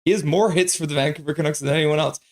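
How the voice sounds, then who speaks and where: A man's voice: on the high side, fairly even intonation, very fast. A man, co-hosting a casual hockey chat and posing long questions. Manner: engaged, asks long questions. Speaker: hockey show co-host.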